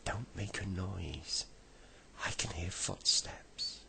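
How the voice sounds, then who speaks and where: Whispered role-play of a cautious, quick-thinking young girl, as a male reader whispers her lines. The whisper is slow and low, with a faint background hush. She sounds careful and warning. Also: vocal fry, noisy background, full character voice.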